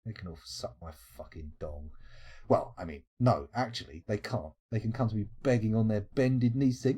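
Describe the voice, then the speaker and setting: A man's voice: lowish voice, normal speed, warm tone, breathy edge. Sweary British man rambling to his chat. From United Kingdom. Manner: rambling, sweary and jokey, with frequent restarts and laughs. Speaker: live streamer. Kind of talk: late-night casual stream chat, reading out viewer comments.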